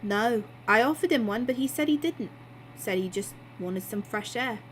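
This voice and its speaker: Brief: cheeky barmaid, breezy and lively, put on by a woman reader in a storybook reading, slightly raised voice, faint room hum. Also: on the high side, normal speed, lightly acted.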